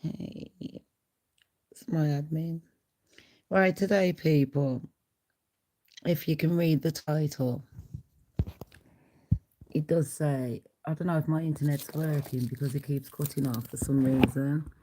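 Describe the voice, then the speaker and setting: A woman's voice: low voice, fairly even intonation, slow, long pauses, warm tone, rough recording. A middle-aged woman hosting a casual livestream, chatty and blunt, laughing often. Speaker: livestream host.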